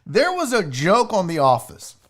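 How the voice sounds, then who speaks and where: A man's voice: high-pitched, wildly swooping pitch, moderate pace. A man hosting a live comedy stream, ranting with profanity and disbelief while reading the chat aloud. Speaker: live show host.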